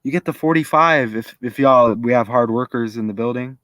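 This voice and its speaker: Guy chatting to his viewers off the cuff, thinking out loud, mid pitch, dry close sound. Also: brisk, dry recording. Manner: chatty, thinks aloud, talks straight to viewers. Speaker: video creator. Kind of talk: casual commentary to viewers.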